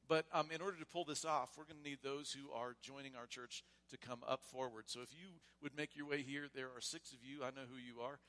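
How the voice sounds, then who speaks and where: A man serving as pastor, leading a church membership service in a loose, casual way and then reading vows and creed in a measured voice. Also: medium pitch, steady tone. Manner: casual and warm, with frequent restarts; reads liturgy aloud in a measured voice. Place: church sanctuary.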